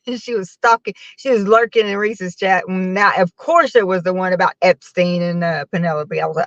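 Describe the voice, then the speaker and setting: A woman's voice: lowish voice, fairly even intonation, a little fast, no room sound. A tired woman rambling to her viewers during a casual live stream, laughing often. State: tired after a long work shift. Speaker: livestreamer chatting with viewers. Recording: dull, dry phone-mic sound.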